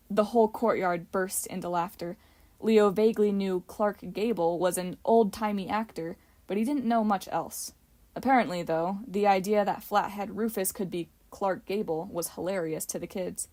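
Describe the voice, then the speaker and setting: A woman narrating a novel as an amateur audiobook reader, telling the story at an even pace. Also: mid-range voice, normal speed.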